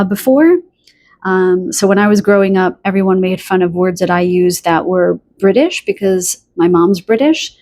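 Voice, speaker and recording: A woman giving a channeled pick-a-card tarot reading in a chatty, spontaneous way, often pausing to search for words. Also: medium pitch, warm tone. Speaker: tarot reader.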